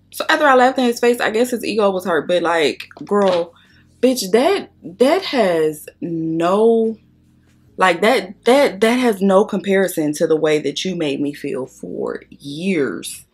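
A young woman with a low, husky voice chats through her makeup routine. She tells her story bluntly and with plenty of swearing, and she speaks straight to the people watching. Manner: blunt, profane, animated storytelling; talks straight to viewers. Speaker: makeup vlogger. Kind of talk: storytime chat during makeup tutorial.

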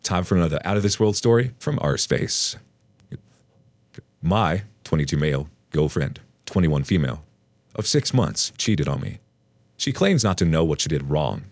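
Deep, lively male story narrator. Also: normal speed, no room sound. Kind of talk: scripted narration of a forum post.

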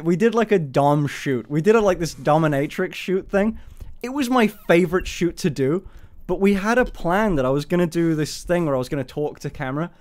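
A man's voice: a little high, darkish tone. A man in his twenties chatting casually on a live stream, swearing freely, laughing often and rambling in a self-conscious way. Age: 20s.

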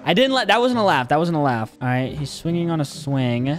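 Chatty guy reacting with lively voice. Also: a little high, fairly quick, over loud music. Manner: chatty, exclaims often, stifles laughter. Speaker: reaction video host. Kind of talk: casual reaction commentary.

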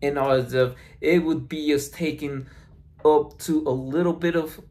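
Slow, halting vlogger talking to a phone. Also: medium pitch, steady tone, a little mellow. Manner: halting, with many restarts and repeated words. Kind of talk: casual rambling monologue.

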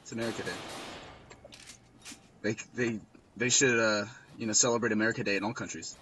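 A man's voice: fairly low pitch, steady tone, a little fast, bright, forceful tone, a little hiss or hum, low-quality recording. A young man co-hosting a casual gameplay chat, joking and playing sarcastic bits. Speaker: gaming channel co-host.

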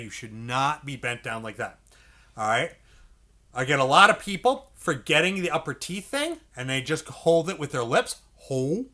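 In this music lesson, a man with a mid-range, sharp-toned voice explains saxophone technique one step at a time. He keeps asking "okay?" and demonstrates the mouth sounds himself.

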